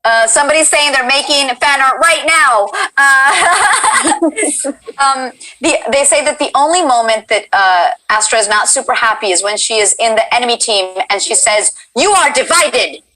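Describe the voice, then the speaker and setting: A woman's voice: on the high side, fairly quick, hardly any pauses, sharp tone, rough recording. A woman hosting a casual livestream chat, gushing and bubbly as she reads the chat aloud. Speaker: host.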